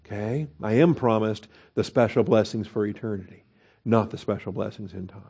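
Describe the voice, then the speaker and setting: Male Bible teacher, mellow tone, conversational expository delivery with fillers and rhetorical questions. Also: on the low side, moderate pace, creaky, breathy edge. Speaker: pastor teaching Bible study.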